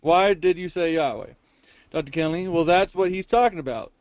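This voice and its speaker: High-voiced man reading a sermon transcript. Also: moderate pace, dry recording, highs cut off. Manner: emphatic, with frequent rhetorical questions; folksy double negatives. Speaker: Bible class reader.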